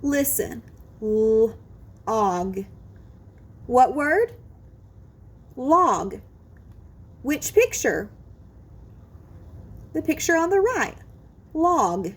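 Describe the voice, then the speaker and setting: A woman teaching a kindergarten phonics lesson, sounding out words slowly and with exaggerated care. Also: high voice, very animated. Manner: drawn-out, exaggerated sounding out of words, sing-song encouragement. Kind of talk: slow, careful phonics lesson for young children.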